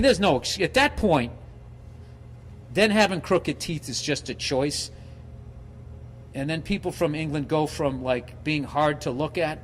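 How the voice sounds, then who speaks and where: Profane rambling middle-aged man. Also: fairly high pitch. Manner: profane, rambling, animated storytelling with acted-out quotes. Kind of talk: casual rambling monologue.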